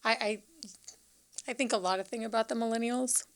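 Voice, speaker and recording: Woman, interview host, slightly high voice, casual chat, quick reactions. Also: steady tone, fairly bright tone.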